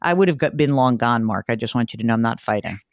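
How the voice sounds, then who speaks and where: A woman hosting a personal finance radio show, talking in a blunt, animated, self-deprecating way as she rants and takes calls. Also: a bass voice, fast talker, no room sound, studio quality. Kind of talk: talk radio chat and rant.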